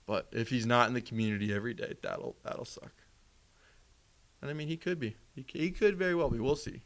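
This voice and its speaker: A man co-hosts a casual sports podcast, talking fast and repeating himself. His slightly bright voice jumps up in pitch whenever he gets worked up.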